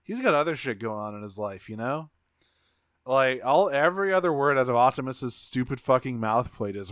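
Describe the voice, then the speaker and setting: A man's voice: mid-range voice, fairly quick, a bit bright, no echo, clean studio sound. A man co-hosting a podcast, chatting casually with sarcastic, sweary ranting. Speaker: podcast co-host.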